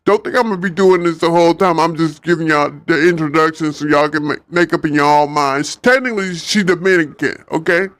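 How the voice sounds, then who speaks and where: A man's voice: a little high, fairly quick, few pauses, no echo. A man reading a novel aloud on stream, breaking off for chatty, joking asides. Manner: animated, chatty, laughs at own jokes.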